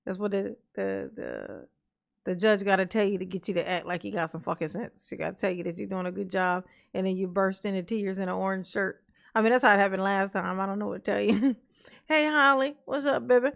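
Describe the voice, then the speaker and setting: A woman's voice: medium pitch, a little fast, vocal fry. A woman hosting a commentary stream, taunting and mocking in slangy talk, often breaking into laughter. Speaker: commentary host.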